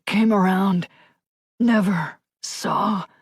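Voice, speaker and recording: A woman narrator voicing a wounded older male janitor who gasps out broken, halting phrases in an audiobook. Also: high-pitched, creaky, slightly rough, no echo, studio quality, voice pushed up, exaggerated voice. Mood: weak, gasping. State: gasping, barely conscious. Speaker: audiobook character.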